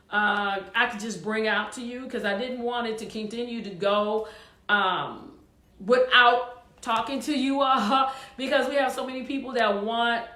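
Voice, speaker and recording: A woman's voice: on the high side, bright, forceful tone, roomy sound. A woman choir director hosting her show, talking casually and encouragingly to viewers, with frequent fillers.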